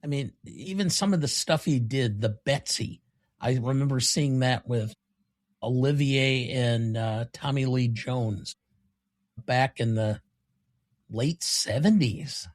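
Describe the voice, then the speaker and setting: An older man co-hosting a podcast, chatting casually and reminiscing in an unhurried way. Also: medium pitch. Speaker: podcast co-host.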